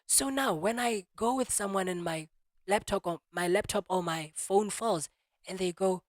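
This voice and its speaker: A young man talking to camera in a casual monologue, animated, restarting and repeating himself often. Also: sits high, normal speed, no room sound, clean studio sound. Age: young adult. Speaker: vlogger.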